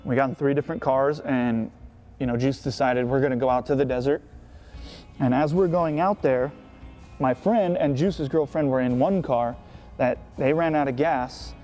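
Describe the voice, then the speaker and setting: Casual, profane man with a mellow voice. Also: medium pitch, moderate pace, faint music behind. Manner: casual, profane, peppered with "right?" and "you know". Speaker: skateboarder. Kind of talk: recounting his past in an interview.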